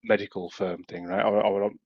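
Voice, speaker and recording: A man's voice: on the low side, flat delivery, fast talker, no room sound, muffled recording. A man with a Yorkshire accent telling a long story in casual podcast chat, full of restarts, swearing and laughs. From Yorkshire, England. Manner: rambling, many restarts, swears, laughs often. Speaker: podcast co-host.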